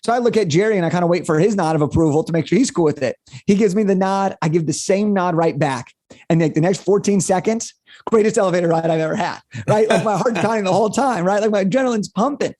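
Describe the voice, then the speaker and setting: An upbeat young man tells a story as a podcast guest, with high-energy, animated delivery. His voice sits high but sounds mellow and warm, recorded dry and close. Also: no room sound. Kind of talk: storytelling interview answer.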